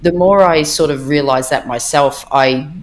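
A woman's voice: deep voice, moderate pace, a little hiss or hum. A middle-aged Australian woman speaking as a guest in a casual interview, chatty, with frequent fillers and restarts. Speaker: podcast guest.

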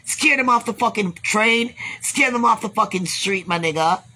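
A husky, bright, forceful voice of medium pitch at normal speed belongs to a Jamaican woman ranting to camera. She's blunt, curses, repeats herself as she rambles, and closes out with blessings for those watching.

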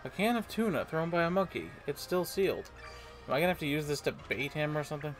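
A man's voice: on the high side, expressive, fast talker, faint music behind. A man playing a video game and commenting casually, playfully reading the game's lines aloud in silly voices. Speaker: let's play gamer. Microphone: desk microphone at a computer.

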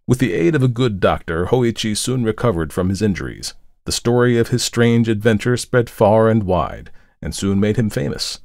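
A man narrating a ghost tale in a slow, hushed and deliberate way. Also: fairly low pitch, no echo, clean studio sound.

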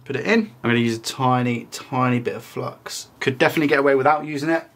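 A young man narrates his repair work in a relaxed, chatty vlog manner. He talks the viewer through each step in an upbeat, conversational tone. His voice sits at an ordinary middle pitch. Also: quick pace. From United Kingdom. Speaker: tech repair YouTuber. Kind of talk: casual narration while repairing consoles.

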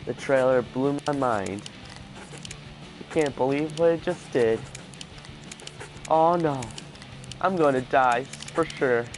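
An excitable man commenting on his gameplay for a video, panicking out loud and repeating the same exclamations over and over. His delivery is slow-paced at a mid pitch. Game music plays clearly behind him. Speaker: gaming video host. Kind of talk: casual let's play commentary.

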